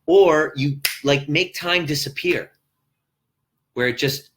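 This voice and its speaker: A man's voice: fairly high pitch, takes it slowly, fairly bright tone. A man talking as a life coach on a motivational live stream from a hotel room, speaking earnestly to viewers and repeating his key phrases.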